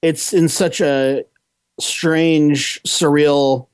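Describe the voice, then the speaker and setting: A man's voice: on the high side, steady tone, drawn-out words, clean tone, no room sound. A man co-hosting a podcast, giving a casual, enthusiastic film review that rambles and restarts often.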